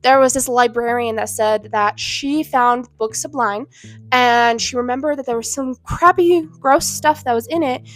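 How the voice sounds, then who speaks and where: A woman's voice: on the high side, moderate pace, fairly bright tone. A woman in her twenties giving a heated, indignant rant to camera, blunt and swearing. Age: 20s. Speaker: vlogger. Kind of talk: ranting commentary to camera. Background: faint background music.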